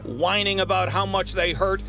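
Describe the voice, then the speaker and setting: A male news anchor reading a broadcast report with a dramatic, measured delivery. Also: high-pitched, steady tone, gravelly. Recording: news clip over a music bed.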